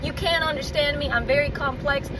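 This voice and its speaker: Woman rambling + cursing outside, high voice, loud street noise all around. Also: steady tone, fairly quick. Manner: rambling, candid, swears freely. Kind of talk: casual spoken monologue. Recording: distant mic with loud traffic noise.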